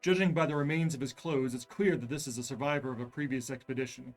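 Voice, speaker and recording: A man hosting a live reading of a horror gamebook, narrating in a measured, suspenseful way. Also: mid-range voice, faint music behind.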